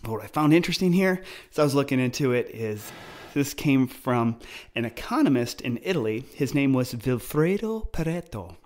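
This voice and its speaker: A man's voice: mid-range voice, sing-song, normal speed, a little mellow. A man hosting his own podcast, talking casually and explaining ideas through personal stories. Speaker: podcast host. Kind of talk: casual solo podcast talk.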